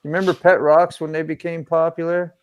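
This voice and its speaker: Here is a man hosting a live stream, talking casually and loosely. He drifts from one memory to the next, restarting his thoughts as he goes. His voice sits a bit on the high side. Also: flat delivery, fairly quick, smooth, low-quality recording. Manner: rambling, reminiscing. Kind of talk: casual group chat.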